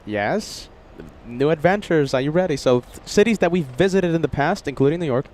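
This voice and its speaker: A chatty, excitable man hosts a live plane-spotting stream outside near an airport runway. His voice sits a little high for a man, and he rambles as he reads viewers' messages aloud. Faint outdoor traffic hums behind him. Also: fairly quick. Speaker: plane-spotting livestream host.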